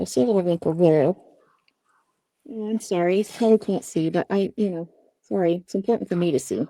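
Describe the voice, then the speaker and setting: A woman's voice: medium pitch, creaky, warm tone, no room sound, studio quality. Chatty, apologetic woman puppet maker. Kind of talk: casual livestream commentary. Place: outdoors.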